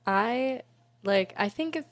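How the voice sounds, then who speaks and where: A woman's voice: on the high side, animated, takes it slowly. A woman in her twenties, an interview guest and student, chatting casually in a bubbly, giggly way with many "like"s. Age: 20s.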